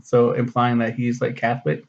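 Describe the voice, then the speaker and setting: A man's voice: medium pitch, monotone, normal speed, gravelly, dull audio. A man casually recapping and reviewing a comic in a rambling, profane way, full of fillers.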